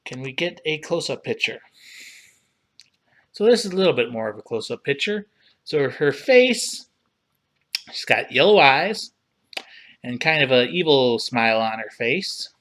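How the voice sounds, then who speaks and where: A man hosting a casual livestream, talking in an unhurried, relaxed way as he browses and reads things aloud. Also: mid-range voice. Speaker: livestream host reviewing collectible figures.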